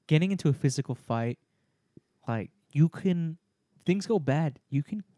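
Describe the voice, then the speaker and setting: Fairly high-pitched and measured in pace, this podcast co-host tells an animated story, cursing freely and doing the voices of its characters. The recording is dry and of studio quality, and the show has a casual feel.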